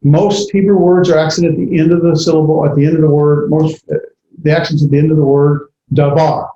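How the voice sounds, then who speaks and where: A man lecturing a class on grammar, pausing often with fillers and correcting himself. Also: fairly high pitch, flat delivery, mellow. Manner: halting, many fillers and self-corrections. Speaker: Bible language teacher. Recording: echoey classroom, dull lo-fi audio.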